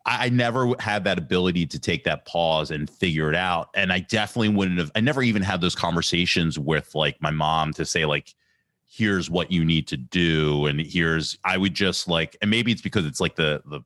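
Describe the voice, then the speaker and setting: Deep-voiced man musing in a dry room. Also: fairly bright tone, no room sound. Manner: reflective, halting, with restarts. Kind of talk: casual conversation.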